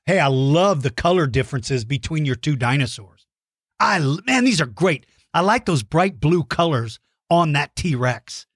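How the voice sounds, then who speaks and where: A man hosting a children's podcast, reading out listener mail with big enthusiasm, warm praise and playful mock-outraged shouts. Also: on the high side, dry recording, clean studio sound. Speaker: kids' podcast host.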